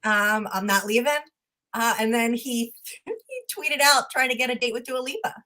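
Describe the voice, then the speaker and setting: Bright-voiced, wry female co-host. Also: fairly high pitch, moderate pace. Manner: wry, amused. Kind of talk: casual sports talk show.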